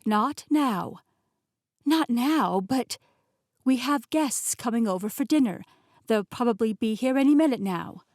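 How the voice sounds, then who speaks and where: A woman voicing a brisk, stern middle-aged aunt who speaks in a clipped, secretive way. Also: on the high side, lively intonation, a little mellow, dry recording, clean studio sound.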